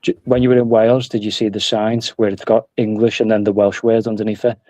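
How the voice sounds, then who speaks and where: A man chatting casually as a guest on a live stream, relaxed and chatty. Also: fairly low pitch, fast talker, no echo. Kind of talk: casual chat.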